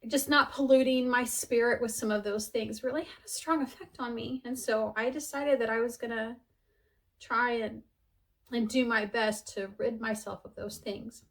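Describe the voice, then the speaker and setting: A woman in her forties tells her conversion story in a heartfelt personal vlog, chatty and earnest and full of fillers. Her voice is on the high side, at a moderate pace.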